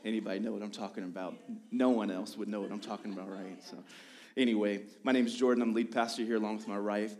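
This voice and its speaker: A lead pastor in his thirties preaches to his church in a low-pitched voice. He talks casually, wanders into tangents and pokes fun at himself, so the sermon feels like a friendly chat. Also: steady tone, fast talker, a little mellow. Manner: joking, tangent-prone, self-deprecating. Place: church sanctuary.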